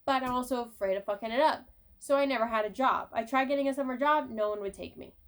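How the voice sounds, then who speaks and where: High-voiced young woman telling stories. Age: young adult. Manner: animated, swears casually, acts out moments. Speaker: vlogger. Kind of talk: casual storytelling vlog.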